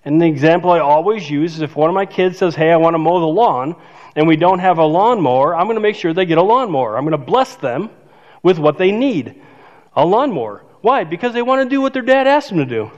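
A man's voice: high voice, animated, fast talker. An older man preaching a sermon as pastor, conversational and self-joking, laughing at his own remarks. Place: church sanctuary. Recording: dull reverberant church hall.

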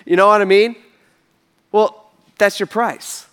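A man's voice: sits high, fairly even intonation, slow pace, fairly bright tone, smooth. A man preaching a sermon in a casual, conversational, slangy way, telling the story with animation. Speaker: pastor.

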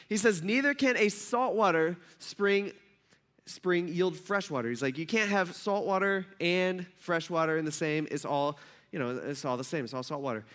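Male pastor, animated sermon voice, bright and forceful, slightly high-pitched. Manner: animated, acts out quoted voices with big pitch jumps; conversational and self-deprecating. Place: church hall.

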